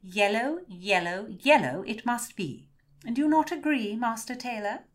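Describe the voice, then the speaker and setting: Woman putting on a haughty young noblewoman, high and loud, imperious and gushing, storybook reading. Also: a little slow. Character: vain bossy young noblewoman.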